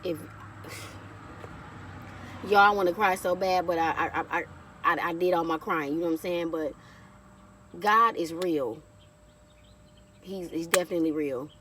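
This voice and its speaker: A woman's voice: deep voice, moderate pace, pauses often, fairly bright tone, recorded from a distance, a little hiss or hum. A woman in her thirties sharing a heartfelt personal testimony in a casual vlog, talking straight to her viewers and calling them y'all. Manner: heartfelt, chatty, keeps addressing viewers as y'all. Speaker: vlogger.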